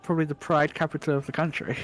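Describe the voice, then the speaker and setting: A man's voice: fairly high pitch, level tone, fast talker, soft background music. A man moderating a speedrun livestream, talking to viewers in a chatty, joking way with lots of restarts. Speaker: stream moderator co-hosting a speedrun stream. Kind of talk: casual stream chat, talking to viewers.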